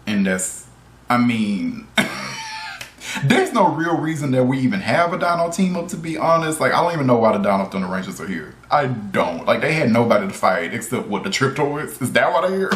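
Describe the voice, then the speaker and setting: Male reviewer, exasperated ranting delivery, lively pitch, echoey room sound. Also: brisk. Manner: exasperated, animated complaining with frequent laughs. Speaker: video reviewer.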